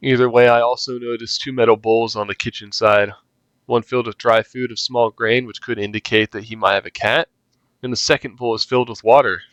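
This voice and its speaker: A man's voice: mid-range voice, fairly even intonation, fairly quick, a bit bright, dry recording, lo-fi sound. A young man reading a story game aloud and reacting casually, joking and swearing between lines. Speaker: gaming youtuber.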